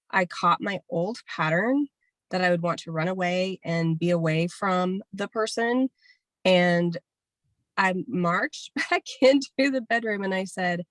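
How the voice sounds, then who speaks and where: A woman's voice: medium pitch, unhurried, a bit bright, no echo. A woman on a video call telling a candid personal story in a chatty way, often laughing. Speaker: workshop participant.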